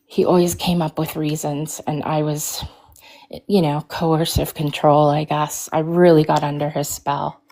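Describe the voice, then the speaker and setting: A woman speaks over a video call in a low, flat voice with a gravelly edge. She talks haltingly, with many restarts and fillers. She sounds close to tears as she tries to hold herself together. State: tearful, fighting emotion. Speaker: caller sharing her story. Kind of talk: emotional personal account on a livestream.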